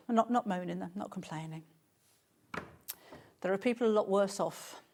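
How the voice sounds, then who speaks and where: A woman's voice: medium pitch, normal speed, darkish tone, a little hiss or hum. A middle-aged woman presenting fabrics on a live sales show, chatting and gushing with lots of restarts.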